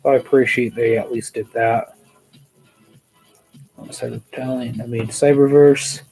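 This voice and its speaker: A man's voice: medium pitch, fairly even intonation, unhurried, a little mellow, soft background music, rough recording. A man hosting a casual toy news show, rambling and hesitant, with many fillers, tired and yawning. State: sleepy, yawning.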